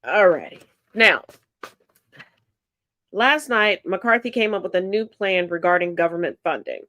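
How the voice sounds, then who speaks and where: A woman hosting a solo political commentary show, congested and stuffy-nosed, reading out figures in a measured, deliberate way. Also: fairly low pitch, expressive, sharp tone, lo-fi sound.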